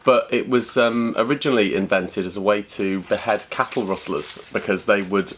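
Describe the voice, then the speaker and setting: Joking man with a lowish voice. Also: moderate pace, fairly bright tone, a little hiss or hum. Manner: dry, joking tall tales. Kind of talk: casual chat.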